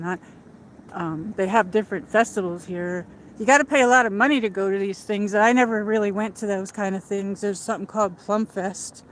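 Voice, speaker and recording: A woman's voice: medium pitch, slight background noise. A woman hosting a casual walk-and-talk livestream outdoors by a lake, chatting in a rambling way with lots of fillers, a little out of breath from walking, on a handheld phone. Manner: chatty and rambling, with many "like"s and restarts. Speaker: livestream host.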